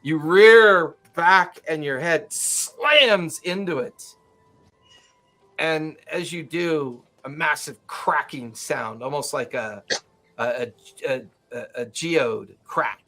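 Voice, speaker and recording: Slow, bright-voiced male game master. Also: fairly high pitch, soft background music. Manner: descriptive, loose, full of fillers. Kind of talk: narrating a tabletop game.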